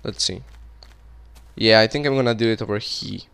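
A young man commentating his game casually, cursing a lot and yelling in panic when monsters show up. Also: lowish voice, normal speed, vocal fry, clean tone. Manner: casual, swears often, cries out in panic at monsters. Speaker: gaming YouTuber. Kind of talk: Minecraft let's play commentary.

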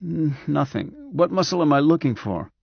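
A frail cyborg man in a hospital bed, voiced by a male narrator, speaking in a reedy, strained whisper, higher than the reader's own voice. He talks slowly and hesitantly, with a faint resentful edge. The recording is dry and a little dull. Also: expressive, vocal fry, husky, no room sound, heavily acted. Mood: weak.

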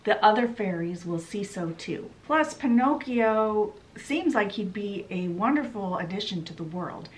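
A woman voicing a kind female fairy who speaks slowly and gently. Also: mid-range voice, animated, slight background noise, close to an everyday voice. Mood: gentle.

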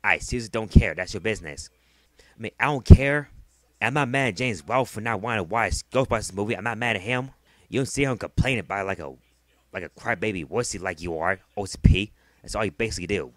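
A man's voice: on the low side, quick pace, dry recording. A man delivering a heated, profane vlog rant, often repeating himself. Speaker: vlogger. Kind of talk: angry ranting vlog.

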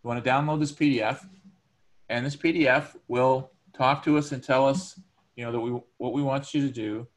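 A man's voice: medium pitch, fairly even intonation, moderate pace. A male teacher giving a recorded lecture to his students, talking conversationally with everyday examples and frequent ums and uhs.

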